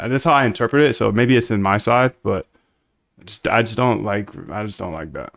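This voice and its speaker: A man's voice: medium pitch, brisk, a bit bright, no room sound. A man hosting a casual livestream, coding aloud and bluntly reacting to chat. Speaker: livestream host.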